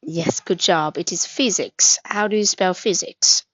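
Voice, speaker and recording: A woman's voice: lowish voice, measured pace, a bit bright, no room sound, lo-fi sound. A woman teaching an English lesson, patient, asking questions, praising and spelling words out, with a mother tongue. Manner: patient, asks questions then praises, glosses words in Vietnamese.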